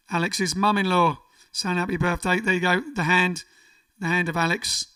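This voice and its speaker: A man's voice: high-pitched, steady tone, fairly quick, pushed and bright, far from the mic. Man, casual livestream host, rambling and jokey, voice set back from the mic. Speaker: livestream host reading viewer comments. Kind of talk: casual chat. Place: home during lockdown.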